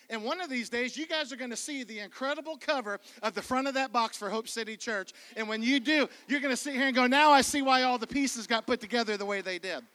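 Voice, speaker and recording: A man preaching as a guest pastor in a church, energetic and joking, often calling out to the congregation. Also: sits high. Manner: energetic, joking, calls out to the crowd. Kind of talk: sermon. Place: church sanctuary.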